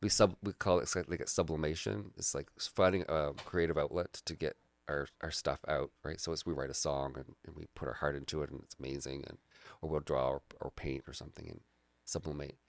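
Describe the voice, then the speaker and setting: A reflective man speaks as a guest in an easy conversation, earnest and unhurried in his thoughts. His voice sits very low and carries a gravelly fry. The sound is dry and close. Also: fairly even intonation, dry recording. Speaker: graphic artist and guide, guest. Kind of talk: casual conversation.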